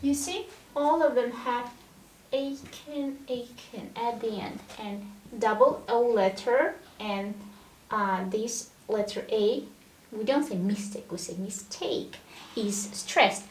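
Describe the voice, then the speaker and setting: Slow, deliberate woman teaching English. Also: fairly high pitch, reverberant, a little hiss or hum. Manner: drills verb forms one word at a time, checks in with "all right?". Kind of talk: slow, deliberate language lesson.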